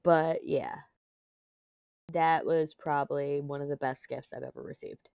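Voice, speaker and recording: A woman, chatting casually and rambling on while she crafts, self-deprecating and quick to laugh, on a mic clipped to her shirt. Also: deep voice, steady tone, vocal fry, smooth, dry recording. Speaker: diamond painting vlogger. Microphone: lapel mic clipped to t-shirt. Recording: dull, lo-fi, dry lapel sound.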